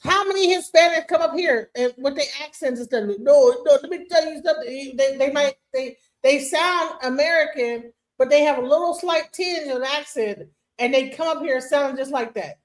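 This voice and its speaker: Lady co-host talking her mind, slangy and blunt, high voice. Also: moderate pace. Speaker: livestream co-host. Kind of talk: casual heated chat.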